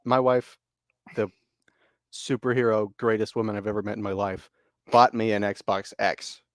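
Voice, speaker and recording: Animated, swearing man telling gaming stories. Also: fairly low pitch, moderate pace, no echo, studio quality. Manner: animated storyteller, swears freely, laughs often. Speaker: podcast co-host. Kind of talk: casual chat.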